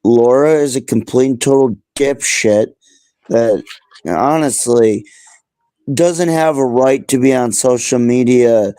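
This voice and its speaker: A man's voice: mid-range voice, slow, warm tone, dry recording. A man chiming in on a stream, hesitant at first, then blunt. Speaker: stream guest.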